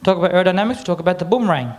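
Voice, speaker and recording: An Australian man presenting to a live audience, chatty and a little croaky, getting the crowd to repeat words back. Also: high voice, animated, very fast, darkish tone. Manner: chatty, quizzes the crowd with call-and-response. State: a bit croaky. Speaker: cultural presenter. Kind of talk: lively audience address.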